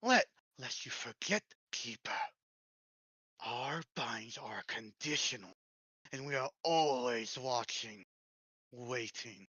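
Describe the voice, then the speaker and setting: A man's voice: medium pitch, lively intonation, slow pace, bright, forceful tone, breathy edge, dry recording, heavily acted. A man voicing a haughty ancient male underworld god who speaks in stern, archaic formal speech.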